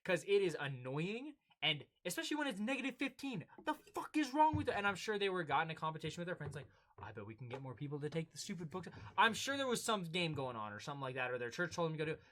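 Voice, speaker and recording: Young male co-host, casual chat, animated storyteller, high and bright. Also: fast, few pauses. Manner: animated storytelling, acting out exchanges. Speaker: podcast co-host.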